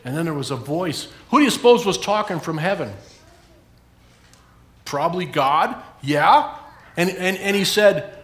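High, lively voiced pastor talking to kids. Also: male voice, measured pace, long pauses, echoey room. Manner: animated, questioning, encouraging toward kids. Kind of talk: children's sermon.

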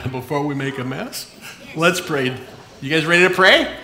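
A pastor giving a playful, animated children's sermon in a church. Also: mid-range voice, a little slow, roomy sound, slight background noise.

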